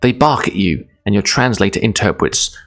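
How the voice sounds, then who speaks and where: Low-voiced Scottish man reading a gamebook. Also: lively intonation, normal speed. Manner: chatty, self-deprecating, laughs often. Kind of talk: casual live-stream reading.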